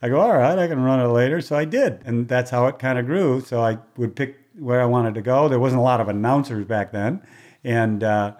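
A man in his sixties, a longtime race announcer, telling stories in a relaxed interview, acting out other people's voices and laughing often. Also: mid-range voice, fairly quick. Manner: animated storyteller, acts out voices, laughs often. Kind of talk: casual storytelling interview. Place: moved from Hawaii, on the mic in Southern California for decades.

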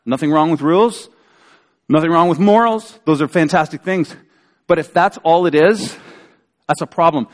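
Conversational pastor with hall reverb. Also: male voice, fairly high pitch, normal speed, pauses often. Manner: conversational, animated storytelling with acted-out quotes. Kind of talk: sermon. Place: church sanctuary.

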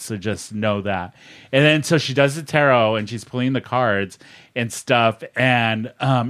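A man co-hosting a podcast, telling a story in casual chat and acting out the other people's lines. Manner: animated storyteller, mimics others' lines with raised pitch. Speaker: podcast co-host.

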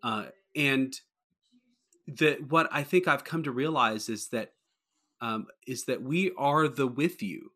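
A man's voice: medium pitch, takes it slowly, a bit bright. A man, a pastor, talking earnestly in a casual podcast conversation, often restarting his sentences. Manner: earnest, rambling with many restarts.

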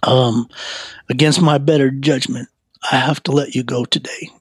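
A stern male judge speaks formally and reluctantly, as a man quotes him in his story. The voice is husky and heard close up with a dry, dead sound. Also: mid-range voice, steady tone, moderate pace, no echo, lightly acted.

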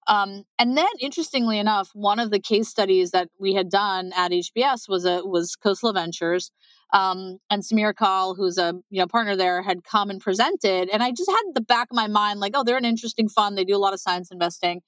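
A woman startup founder being interviewed, talking quickly with lots of fillers and acted-out quotes. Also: mid-range voice, dry recording, low-quality recording. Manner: fast, animated, many fillers and quoted asides. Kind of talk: conversational interview.

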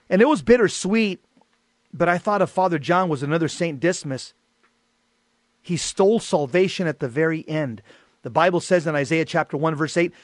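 A man's voice: fairly high pitch, no echo, studio quality. A middle-aged man giving an earnest, emphatic personal testimony about faith. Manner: earnest, emphatic, rises to shouting in quoted exchanges. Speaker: Catholic lay speaker.

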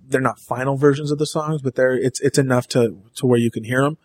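A man's voice: medium pitch, steady tone, fast talker, darkish tone, no echo. A man guest in a podcast studio, chatting casually and rambling with frequent restarts and casual swearing. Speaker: band member guest.

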